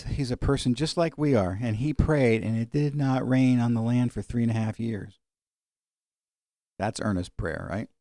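Mellow-voiced man preaching a sermon. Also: medium pitch, dry recording, studio quality. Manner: conversational, varies pace for emphasis, slows on scripture. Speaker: pastor. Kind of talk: sermon teaching.

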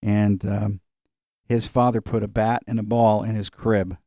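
A man's voice: lowish voice, level tone, unhurried, dark tone, dry recording, clean studio sound. A middle-aged man leading an informal Bible study, talking in a conversational, digressive way with fillers and chuckles. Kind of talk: informal Bible teaching with personal stories.

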